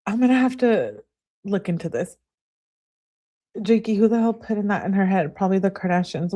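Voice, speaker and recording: A woman's voice: medium pitch, lively intonation, fairly quick, mellow. A woman hosting a true-crime channel, reading texts and adding candid asides with sighs and laughs for her viewers. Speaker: true-crime commentary host.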